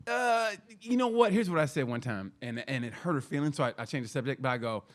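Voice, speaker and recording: Guy on a podcast, fast and animated, swings his voice all over acting out quotes. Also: medium pitch. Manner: animated, acts out quotes, profane. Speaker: podcast co-host. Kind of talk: casual storytelling chat.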